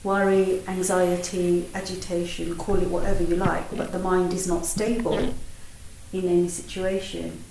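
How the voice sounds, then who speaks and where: A woman's voice: on the low side, little pitch movement, moderate pace, vocal fry, noisy background. A woman in a group discussion, asking a thoughtful question and searching for her words. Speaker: student in discussion. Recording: echoey room, mic far away.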